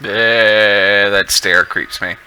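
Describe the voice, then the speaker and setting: A man with a low but strikingly bright voice chats casually on a live stream while editing. He rambles and restarts mid-thought as he works through the cuts. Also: steady tone, very slow, clean tone, poor audio. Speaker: video editor streaming his work.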